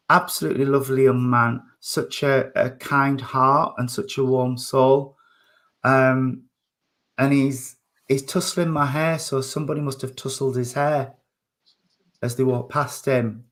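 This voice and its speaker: A man, working as a spiritualist medium and giving a hesitant, emotional reading during a church service, with many fillers. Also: mid-range voice.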